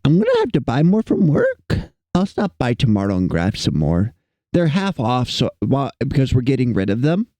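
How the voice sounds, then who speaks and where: A man's voice: mid-range voice, moderate pace, dry recording. Guy streamer from the us, goofy teasing chat, bouncy voice, dry close mic. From United States. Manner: playful, teasing, animated. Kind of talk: casual chat with chat.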